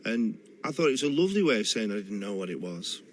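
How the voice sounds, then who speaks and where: A man's voice: on the low side, very animated, fast, slight background noise. Thoughtful Manchester man telling family stories. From Manchester, England. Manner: thoughtful, with hesitant restarts. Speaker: guest. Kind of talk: reflective storytelling in a radio interview.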